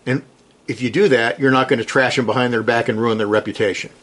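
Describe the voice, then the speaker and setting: A man preaching a sermon, earnest and emphatic, driving his points home with short repeated commands and reading scripture slowly with rising stress. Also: mid-range voice, steady tone, fairly bright tone.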